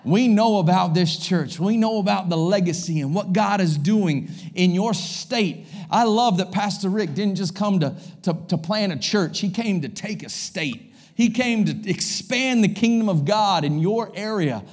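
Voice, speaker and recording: High-voiced, lively American preacher man. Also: unhurried. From United States. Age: 40s. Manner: energetic and joking, with exclamations. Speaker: guest pastor. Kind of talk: sermon. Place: church service.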